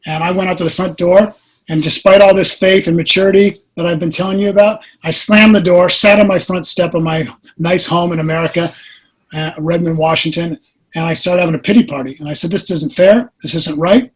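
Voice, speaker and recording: A man in his forties tells a personal story as a guest in an interview. His voice sits fairly high and has a husky edge. He talks in an earnest, animated way and pokes fun at himself. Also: a little fast, poor audio. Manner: earnest, animated retelling with self-mocking laughs.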